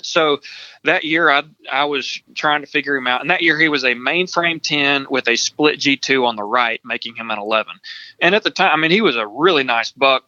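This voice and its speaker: Bright, smooth-voiced man recounting a story. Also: medium pitch, brisk, no room sound. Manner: thoughtful, with many ums and restarts. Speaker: podcast guest. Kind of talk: casual storytelling. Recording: dull lo-fi sound.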